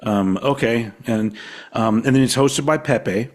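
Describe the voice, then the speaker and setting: A man from Texas co-hosting a podcast, chatting casually with a rambling, swearing delivery that sometimes trails off quietly. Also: mid-range voice, unhurried. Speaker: podcast co-host. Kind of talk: casual chat.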